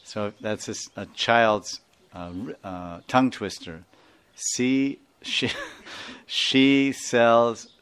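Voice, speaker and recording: A man's voice: mid-range voice, drawn-out words, fairly bright tone, clean tone. A man with an Indian accent, a spiritual teacher giving an informal class, rambling, chuckling and often asking his listeners to confirm.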